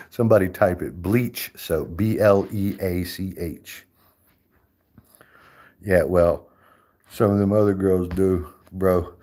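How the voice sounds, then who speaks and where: A low-voiced man chatting on his livestream into a desk mic. He swears freely, gets animated and keeps laughing at his own stories. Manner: profane, animated, laughs often. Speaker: streamer host. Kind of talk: casual livestream chat.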